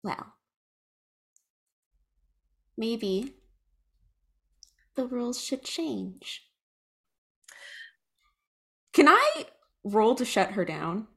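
A woman's voice: fairly high pitch, very animated, drawn-out words, vocal fry, long pauses, a bit bright, full character voice. A woman voicing a brash young witch in sunglasses who is blunt and mocking, swearing freely. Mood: defiant.

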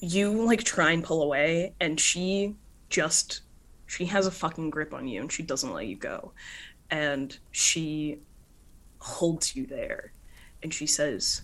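Brief: woman game master, low voice, unhurried, loose casual narration. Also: a bit bright. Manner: casual, many filler "like"s.

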